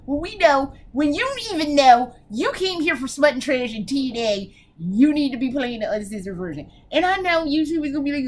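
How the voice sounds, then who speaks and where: Brash high-voiced woman gaming vlogger. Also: lively intonation, moderate pace, few pauses. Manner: brash, profane, giggly rambling. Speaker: video game vlogger. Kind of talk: casual profane gaming vlog.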